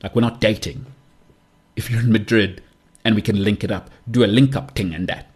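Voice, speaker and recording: A man's voice: lowish voice, steady tone, a little fast, a little mellow, breathy edge. A man from South Africa hosting his own podcast, ranting with strong, emphatic opinions and repeating his punchlines. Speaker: podcast host. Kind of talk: solo podcast rant.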